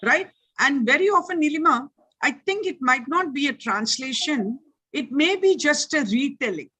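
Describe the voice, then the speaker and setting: An older woman with an Indian English accent, giving an online lecture and answering questions in an animated, teacherly way that keeps checking in with her listeners. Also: sits high, normal speed. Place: online video meeting. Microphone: video call.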